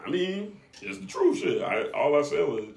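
A man's voice: fairly high pitch, big pitch swings, normal speed, vocal fry, darkish tone. A man in casual podcast chat, laid-back and laughing as he quotes others. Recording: roomy room echo.

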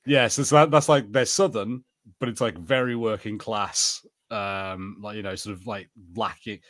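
A man's voice: lowish voice, steady tone, moderate pace, fairly bright tone, no room sound, clean studio sound. A young man with a Northern English accent, co-hosting a podcast in casual chat, full of fillers and restarts. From Northern England. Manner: chatty, lots of fillers and restarts. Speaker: podcast co-host.

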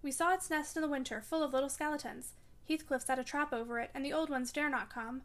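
A woman's voice: sits high, fairly even intonation, fast talker, lightly acted. A woman reading aloud as a feverish, delirious young woman, dreamy and frightened. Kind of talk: audiobook reading.

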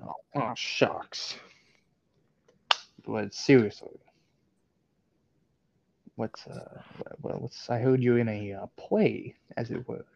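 A man's voice: medium pitch, takes it slowly, vocal fry, long pauses, darkish tone, no room sound. A man in casual chat, joking and rambling, often repeating his words as he stumbles along. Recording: slightly dull, dry recording.

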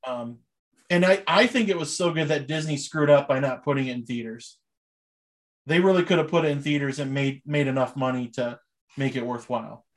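A man's voice: medium pitch, a little fast. A young man chatting casually as a podcast host, rambling and enthusiastic with many fillers. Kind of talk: casual chat.

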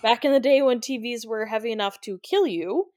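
A woman's voice: a little high, a little fast, a little mellow, dry recording, clean studio sound. A young woman co-hosting a podcast, giving a casual, chatty recap of a film and giggling often as she talks. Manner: chatty, giggly, many "like" fillers. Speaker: podcast co-host. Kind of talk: casual movie recap chat.

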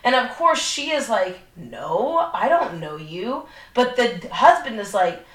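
A woman's voice: a little high, a little slow. Young woman rambling thru a movie plot, swears a lot, roomy echo. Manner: profane, animated storytelling with lots of fillers. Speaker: podcast co-host. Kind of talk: casual chat, retelling a movie plot. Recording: echoey room.

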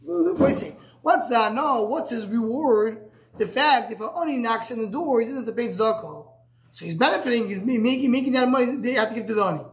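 Halting man teaching a Talmud class. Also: very high-pitched, slight background noise. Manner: explains step by step, asks and answers himself; halting, restarts words. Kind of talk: live Gemara class.

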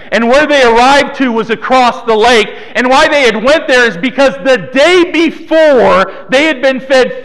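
A man preaches to a small church, his voice sitting very high for a man. He teases listeners by name between points. The sound rings on with long hall reverb. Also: a bit bright. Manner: playful, teasing congregation by name. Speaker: pastor. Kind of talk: sermon.

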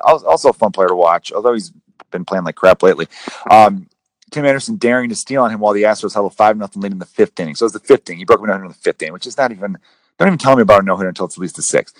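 A man hosting a casual sports podcast, rambling and animated, with some swearing. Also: fairly low pitch, no echo. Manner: rambling, profane, animated retellings. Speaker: podcast host.

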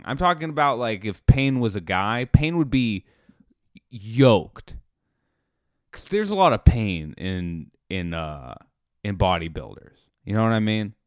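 Middle-aged male podcast comic, lowish smooth voice, dry close sound, animated storytelling. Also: no room sound. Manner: animated, acts out scenes in quoted dialogue. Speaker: podcast host. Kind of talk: comedic monologue.

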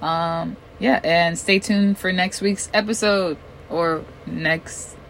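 A woman's voice: lowish voice, fairly even intonation, slow, a bit bright, slight background noise, poor audio. A woman co-hosting a podcast in casual chat, laid-back and reflective, laughing easily. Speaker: podcast co-host.

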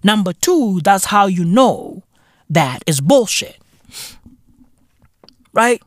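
A man hosting a podcast with British slang, ranting in a comic monologue with profane, animated jokes. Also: sits high, slow pace, no echo, studio quality. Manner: animated, profane, slangy, laughing between lines. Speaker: podcast host. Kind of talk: comedic rant monologue.

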